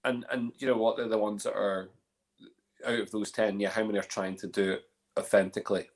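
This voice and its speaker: A man's voice: on the low side, flat delivery, fairly quick. A man hosting a casual online chat, chatty and full of restarts. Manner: chatty, many restarts and fillers. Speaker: host. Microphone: online call.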